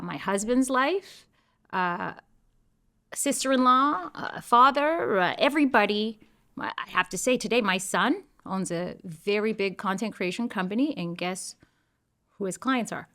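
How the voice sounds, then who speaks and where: Bright, emphatic woman. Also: medium pitch. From Colombia. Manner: emphatic, playful, quick bursts. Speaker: guest, real estate broker. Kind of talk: animated interview talk.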